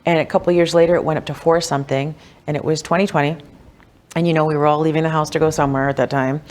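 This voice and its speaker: A woman, a wealth coach, telling personal stories in a casual podcast interview, animated and chatty, with lots of "like" and "you know.". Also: racing. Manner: animated, acts out quoted voices with big pitch jumps.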